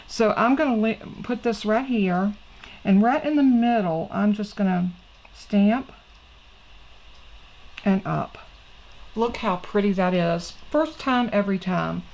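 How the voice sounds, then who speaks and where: A woman's voice: medium pitch, slow pace, long pauses, darkish tone, rough recording. A middle-aged woman, hosting a casual craft tutorial in a chatty, folksy way and talking straight to her viewers. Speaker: crafting channel host.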